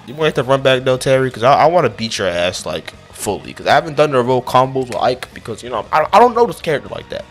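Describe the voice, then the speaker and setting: A man giving profane live commentary over his own gameplay, muttering one moment and yelling the next. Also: medium pitch, very animated, fast, hardly any pauses, soft background music. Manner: profane, reactive, swinging between muttering and yelling. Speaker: gaming commentator.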